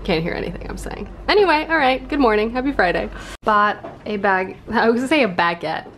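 A woman's voice: medium pitch, animated, brisk, a bit bright. A young woman talking casually to her camera at home in a chatty, upbeat way, with lots of fillers. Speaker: booktube vlogger. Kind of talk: casual vlog chat. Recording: faint background noise.

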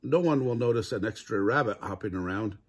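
An older man voicing an eager, scheming male farm turkey in a storybook, with a husky voice pitched up. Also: fairly quick. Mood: excited.

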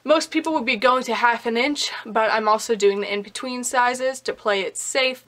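A woman's voice: a little high, a bit bright. A young woman vlogging in a casual, chatty way, talking with a slight lisp. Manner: chatty, casual, swears offhandedly. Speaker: beauty vlogger. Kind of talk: casual vlog chat.

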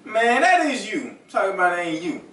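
A man's voice: high voice, big pitch swings, brisk, bright, forceful tone, full character voice. A young man playing an indignant homeowner who scolds his friend in outraged slang in a comedy skit. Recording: roomy and far from the mic.

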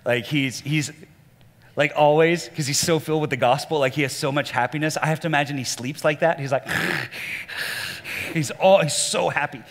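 A man, a lead pastor, preaching a sermon in a church with an animated delivery, sometimes acting out voices he quotes. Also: brisk. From Southern US. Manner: animated, acts out quoted voices at a much higher pitch. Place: church auditorium. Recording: church hall reverb.

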